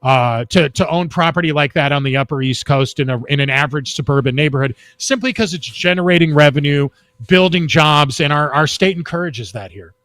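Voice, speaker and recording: A man from Texas tells long rambling stories as a talk show guest, with a fairly high voice. His pitch swings all over the place. The sound is dry and close, from a remote call. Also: fairly quick, no echo. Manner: rambling, animated anecdotes. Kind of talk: casual storytelling on a talk show.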